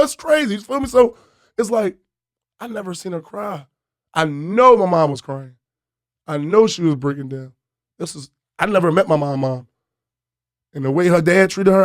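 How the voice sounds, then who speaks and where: A man from Philadelphia, a comedian guest telling a story on a podcast in a lively way and acting out the voices of the people in it. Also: high voice, no echo, studio quality. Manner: animated storyteller who acts out voices, bursts into loud laughter.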